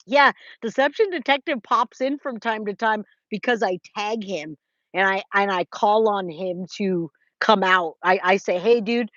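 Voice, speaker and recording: Medium in pitch with a fairly bright tone and no echo, a California woman hosts a casual livestream from a trailer. She reads chat aloud, welcomes viewers by name and frequently restarts. Her audio is dry, lo-fi and a bit dull.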